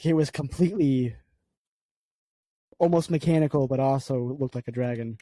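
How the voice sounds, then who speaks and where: A man's voice: medium pitch, moderate pace, dark tone, no room sound. A man co-hosting a casual podcast, rambling through a story with lots of filler words. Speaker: podcast co-host and producer.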